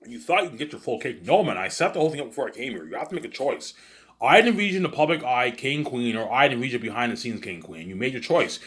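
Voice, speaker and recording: A man's voice: mid-range voice, lively intonation, quick pace, fairly bright tone, slight background noise. A man vlogging in a rambling, repetitive monologue with frequent swearing.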